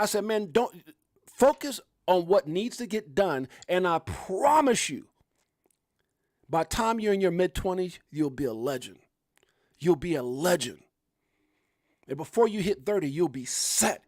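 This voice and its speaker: A middle-aged man hosting a crypto live stream, preaching hard work in fired-up, slangy talk with loud whoops. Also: high voice, no room sound, clean studio sound.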